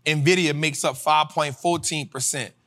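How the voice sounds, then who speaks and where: Energetic, fiery man preaching money lessons. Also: on the high side, a little slow. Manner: preacher-like cadence, rising to shouts; casual slang, addresses audience as y'all. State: tired after a flight. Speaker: financial education host. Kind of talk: motivational livestream teaching.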